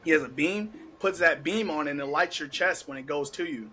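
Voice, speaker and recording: Young man, casual podcast storytelling, animated, laughing, bright tone, slight noise behind. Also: a little high, brisk, poor audio. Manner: animated, laughing, heavy cursing, acts out quotes. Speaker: podcast host.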